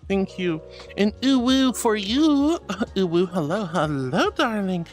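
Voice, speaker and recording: A VTuber streamer chatting with viewers live, affectionately calling them honey and sweetheart, moving between soft reassuring advice and high excited thanks. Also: slow pace. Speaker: VTuber livestreamer. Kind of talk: casual livestream chat reading and pep talk. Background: faint music.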